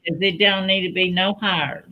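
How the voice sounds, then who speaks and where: A woman's voice: fairly low pitch, fairly even intonation, fairly quick, muffled recording. A woman on a panel chatting affectionately in short replies. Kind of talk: casual chat.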